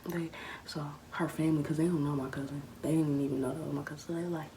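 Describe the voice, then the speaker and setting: Low-voiced teen girl, hushed chatty storytelling. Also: steady tone, quick pace. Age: late teens. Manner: hushed, half-whispered narration; casual, chatty, talks straight to viewers. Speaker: vlogger telling a story. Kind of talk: casual storytime monologue. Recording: noisy background ambience.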